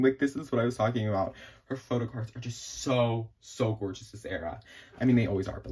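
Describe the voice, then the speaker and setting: A young man in a casual unboxing vlog, gushing and excitable, with frequent gasps and many fillers. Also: medium pitch, a little fast, slightly rough. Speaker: vlogger.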